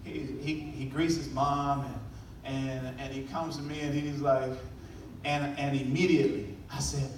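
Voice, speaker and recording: A man giving a motivational talk, telling a story with lively delivery and acting out the people in it. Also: fairly high pitch, unhurried, heavy reverb, distant mic, a little hiss or hum, poor audio. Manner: animated storytelling, acting out voices. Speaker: motivational speaker.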